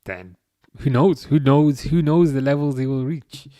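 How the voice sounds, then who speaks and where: A man's voice: mid-range voice, fairly even intonation, dark tone, no echo. Guy in his 30s on a live stream, keeps restarting his sentences, dry jokey tone, dead dry sound. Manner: halting, restarts often, dry jokes while reading chat. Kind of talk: casual live-stream chat.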